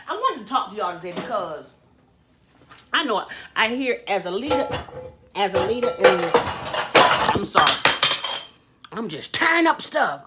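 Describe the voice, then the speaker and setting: A woman's voice: medium pitch, heavy background noise. A woman chatting with viewers from her home kitchen while doing dishes, in a repetitive, preachy way, calling them y'all and adding amen. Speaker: faith vlogger. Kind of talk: casual chat with viewers while cleaning. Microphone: camera propped up and moved around.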